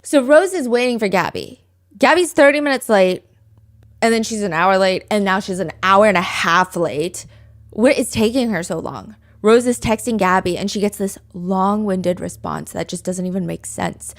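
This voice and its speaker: A woman's voice: medium pitch, normal speed. A woman hosting a true-crime podcast, telling the story casually with lots of "like" and earnest opinionated asides. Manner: chatty, with frequent fillers like "like". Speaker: podcast host.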